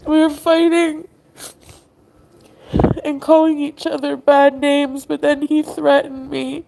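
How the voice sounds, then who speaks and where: A woman's voice: high voice, little pitch movement, slow, gravelly, mellow, a little hiss or hum. A woman livestreaming in distress, pleading and accusing, tearful at times. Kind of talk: emotional livestream argument. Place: indoors, abroad.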